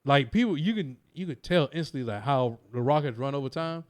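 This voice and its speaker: A young man co-hosting a wrestling podcast in casual, animated chat, swearing and laughing often. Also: mid-range voice, brisk. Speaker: podcast co-host.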